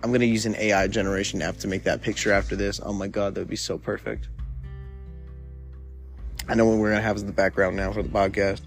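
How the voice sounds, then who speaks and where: A young man hosting a solo podcast, rambling in a laid-back way with lots of filler words while high. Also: flat delivery, fast talker, faint music behind. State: high from smoking weed. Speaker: podcast host. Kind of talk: casual solo podcast monologue.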